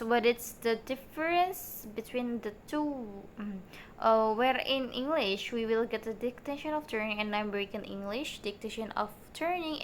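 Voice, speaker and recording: A young woman student giving a recorded class presentation, halting, with many fillers and restarts. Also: on the high side, a bit bright, slight background noise.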